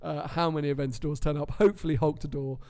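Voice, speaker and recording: Fast-talking young man hosting. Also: fairly high pitch, fairly even intonation, darkish tone. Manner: chatty, jokey, quick asides. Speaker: podcast host. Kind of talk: casual live podcast chat.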